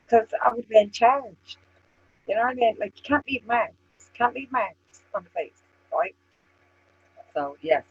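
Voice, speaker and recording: An Irish woman co-hosts a loose online chat with a husky, rough voice. She is blunt and curses freely. Her audio is slightly dull. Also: mid-range voice, no room sound. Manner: blunt, profane, animated. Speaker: co-host. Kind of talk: casual chat, storytelling.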